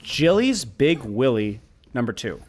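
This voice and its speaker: A man coaching a player live over a game replay, excitable and animated, talking in bursts with lots of repetition. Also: mid-range voice. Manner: animated, excitable, talks fast in bursts with repeated phrases. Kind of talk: live-streamed gameplay coaching.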